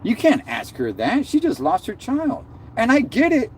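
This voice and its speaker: A man's voice: very high voice, huge pitch swings, normal speed, darkish tone, a little hiss or hum. A man hosting a live stream, ranting in a heated, sarcastic way with slang and lots of repeated words.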